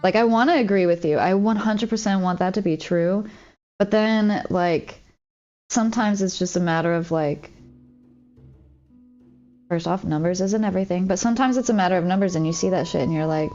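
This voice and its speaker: Warm and on the low side, this woman talks at a moderate pace while streaming a game from home. The recording is muffled, with soft music underneath her open, rambling chatter full of "like."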